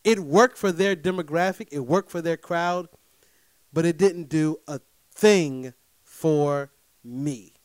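A man telling a personal story to his listeners in a casual, animated way. He is emphatic, keeps checking in with his audience, and swings between loud bursts and low asides. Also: takes it slowly, no room sound.

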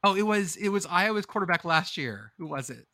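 A man's voice: sits high, expressive, a little fast, sharp tone, no room sound, clean studio sound. A man co-hosting a casual sports podcast, talking animatedly, swearing freely and hunting for names mid-sentence. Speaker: podcast co-host. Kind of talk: casual chat.

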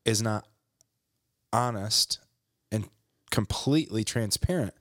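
A man talking earnestly about faith, reading a passage aloud and then reflecting on it in measured phrases. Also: lowish voice, a bit bright, dry recording, studio quality. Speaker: podcast co-host. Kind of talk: faith-based reflective talk.

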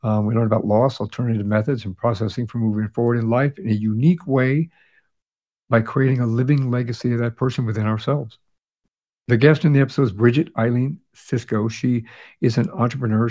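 A man's voice: mid-range voice, steady tone, fairly quick, mellow. A man hosting a podcast, recapping past episodes in a casual chat with fillers and restarts, sounding tired. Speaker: podcast host.

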